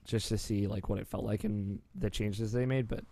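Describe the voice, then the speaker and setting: A man's voice: lowish voice, fairly even intonation, moderate pace, warm tone. A man co-hosting a casual gaming podcast, upbeat and teasing, swearing casually. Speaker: podcast co-host.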